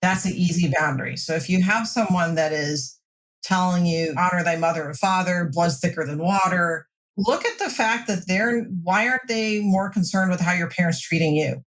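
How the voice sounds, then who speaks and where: A woman mental health counselor giving steady, reassuring advice in a podcast interview. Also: fairly low pitch, normal speed.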